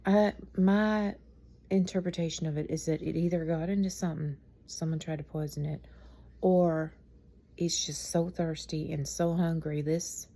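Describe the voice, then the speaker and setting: A middle-aged woman, worn out at bedtime, rambles through a strange story in a chatty way and laughs at herself as she goes. Her voice sits low and gravelly, with a dark, husky tone. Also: fairly even intonation, moderate pace. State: tired, speaking softly at night. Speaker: mother telling a story. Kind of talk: casual storytelling vlog.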